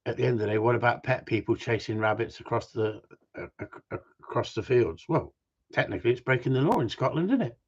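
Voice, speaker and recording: A man's voice: medium pitch, animated, fairly quick, husky, muffled recording. A man who trains gundogs, chatting on a casual livestream in a blunt, ranting way with mild swearing.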